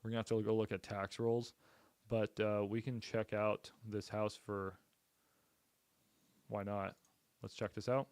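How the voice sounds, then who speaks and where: A man's voice: lowish voice, little pitch movement, a little slow, long pauses, a little mellow, smooth, dry recording. A man casually commenting on a live stream as he makes cold calls, talking bluntly and upbeat in a salesy way and swearing now and then. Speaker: real estate investor and streamer.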